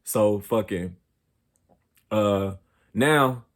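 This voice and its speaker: A young man, the storyteller host, recounts something from his own life in casual, profane slang, drawing out his words and often asking "you know what I'm saying." Replaying heated arguments, he gets noticeably higher and louder.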